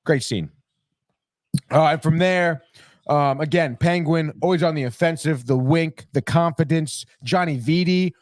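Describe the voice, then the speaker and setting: A man's voice: on the high side, dry recording. Profane, rambling man recapping a show. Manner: profane, rambling, animated retelling with quick impressions. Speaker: podcast host. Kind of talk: casual recap chat.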